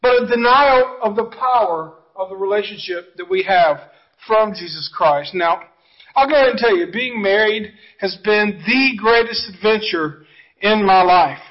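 A man with a high voice preaches a sermon in an earnest, conversational way, full of asides to his congregation. The recording sounds dull and lo-fi. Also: normal speed. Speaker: pastor.

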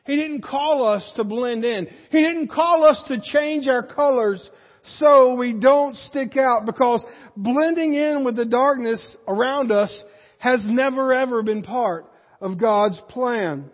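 Folksy high-voiced pastor preaching. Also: male voice, measured pace. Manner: folksy, joking, animated preaching. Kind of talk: sermon. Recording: dull lo-fi audio with long church reverb.

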